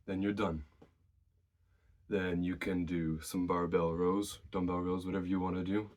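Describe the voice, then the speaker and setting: A man's voice: sits low, moderate pace. A man casually sharing his own workout advice, a little out of breath. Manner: relaxed, conversational, shares personal experience. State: slightly out of breath. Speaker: fitness vlogger.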